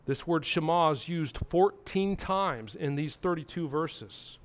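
A man's voice: on the high side, expressive, unhurried. A man preaching a sermon, earnest, repeating key words and putting questions to the congregation. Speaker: pastor.

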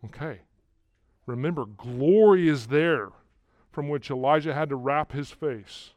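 A man's voice: on the high side, measured pace, no echo. Man preaching with rising emphasis. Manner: repeats words and rises loudly on key words. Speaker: pastor. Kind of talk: sermon.

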